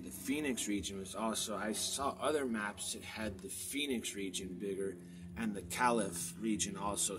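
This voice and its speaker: A man with a lowish voice rambles through old maps in an unscripted way, stopping and restarting his thoughts. His sentences often fade into quiet mumbles. A faint hiss sits under the recording. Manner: meandering, many fillers and restarts, trails off quietly. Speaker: vlogger. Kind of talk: rambling off-the-cuff commentary over old maps.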